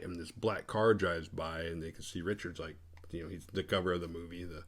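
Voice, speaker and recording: A man's voice: low-pitched, fairly even intonation, fairly quick. A young man recapping a horror movie in a casual, crude, joking way and acting out the characters' lines. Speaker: movie podcast host.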